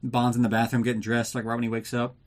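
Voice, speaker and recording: A man's voice: medium pitch, monotone, fast. A man hosting a casual movie recap podcast, ranting and sarcastic with plenty of swearing, drinking while he talks. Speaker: podcast host.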